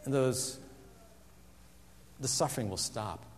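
A man preaching a sermon, animated and dramatic, acting out the voices he quotes. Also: medium pitch, slow, in a large hall. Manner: animated, acts out quoted voices with big swings. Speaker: pastor.

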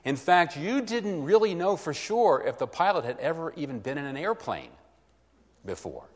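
A man's voice: fairly high pitch, very animated, moderate pace, in a large hall. A man preaching a teaching sermon, acting out both sides of a conversation.

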